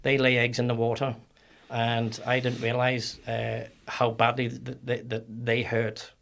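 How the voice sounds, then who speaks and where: A middle-aged man with a Northern Irish accent, a podcast guest telling stories in a halting way, repeating words as he recalls. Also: mid-range voice, completely flat delivery, gravelly, a bit bright. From Northern Ireland. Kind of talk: casual interview storytelling.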